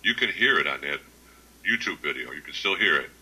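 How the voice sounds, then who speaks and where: Very deep, bright-toned man in his sixties. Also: lively intonation, slightly rough, rough recording. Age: 60s. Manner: unhurried, plainspoken anecdotes. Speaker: guest author. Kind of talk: casual interview storytelling.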